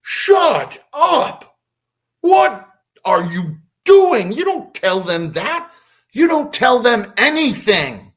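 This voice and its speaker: A man's voice: extremely high pitch, sing-song, drawn-out words, pitched above the performer's own voice, heavily acted. A man putting on the voice of an angry, bossy male grey alien who screams orders at another alien. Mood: furious. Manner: screaming, furious commands.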